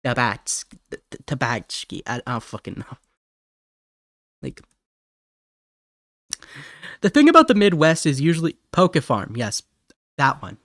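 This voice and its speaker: A man's voice: medium pitch, wildly swooping pitch, unhurried, pauses often, a bit bright, dry recording, studio quality. Giggly rambling man streaming games. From Ohio, USA. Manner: rambling, giggly, self-correcting. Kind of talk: casual live-stream chat.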